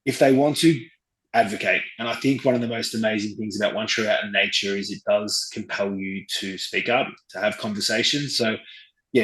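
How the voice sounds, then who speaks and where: Low-voiced Australian man, roomy sound. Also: fairly bright tone. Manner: earnest, halting, many fillers and restarts. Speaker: travel company executive. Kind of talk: podcast interview. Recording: roomy echo.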